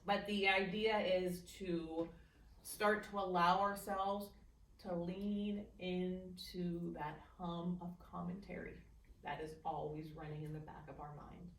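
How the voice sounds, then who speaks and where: A woman leading a guided meditation class in a library meeting room, gentle and playful, dropping into a soft aside voice when she speaks to her thoughts. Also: on the low side, little pitch movement, unhurried. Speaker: meditation teacher. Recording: echoey room from a distance.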